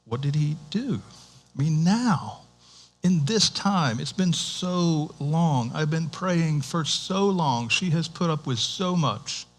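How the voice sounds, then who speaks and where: A male pastor giving a sermon in a conversational, animated way, with restarts and rhetorical questions to the congregation. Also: fairly high pitch, takes it slowly. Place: church.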